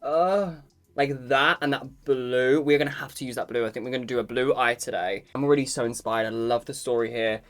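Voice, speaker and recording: A man's voice: mid-range voice, steady tone, brisk, a bit bright. A man reviewing makeup to camera in a casual, campy and sassy way, swearing freely and calling the viewer "girl". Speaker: makeup vlogger.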